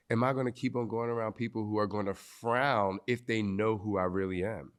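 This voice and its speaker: Guy hosting a live podcast, low voice, blunt and sweary. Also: fairly quick, fairly bright tone, clear, resonant tone. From New Jersey. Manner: blunt, emphatic, swears freely. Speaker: podcast host.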